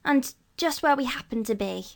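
A woman's voice: a little high, animated, moderate pace, voice pushed up. A woman reading aloud and voicing a crafty, impatient young boy in a storybook. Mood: eager. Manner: eager and impatient.

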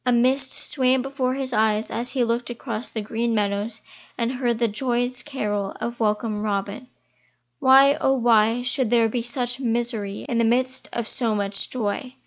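A woman reading a children's animal storybook aloud in a gentle, measured way. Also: fairly high pitch, steady tone. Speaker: audiobook reader. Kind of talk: storybook narration.

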